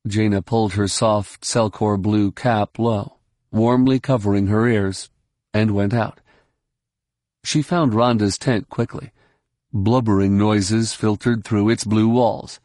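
A man reading a novel aloud in steady scripted narration. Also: fairly low pitch, slow pace, dry recording, clean studio sound. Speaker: audiobook narrator.

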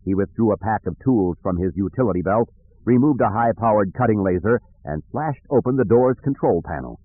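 A man narrating an audiobook in a measured, even storytelling manner. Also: fairly low pitch, breathy edge, no echo. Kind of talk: scripted narration. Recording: dry tinny phone-like recording.

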